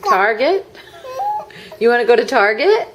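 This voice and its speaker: A woman's voice: on the high side, sing-song, measured pace, fairly bright tone, a little hiss or hum. A mother using baby talk with her toddler, coaxing and repeating questions in a singsong way.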